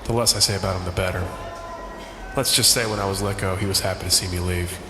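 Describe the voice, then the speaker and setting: An exasperated private eye, played by a man, narrates in a dry, hard-boiled style, his voice a little low. Faint music plays behind him. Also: fairly even intonation, quick pace, lightly acted. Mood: wry narration. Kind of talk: comedy noir audio drama.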